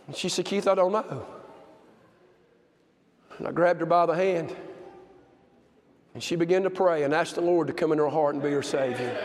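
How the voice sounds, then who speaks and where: A man preaching a sermon, telling stories with passion and swinging from shouts to hushed tones. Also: a little high, moderate pace, long pauses. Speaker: pastor. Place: church sanctuary. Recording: long hall reverb.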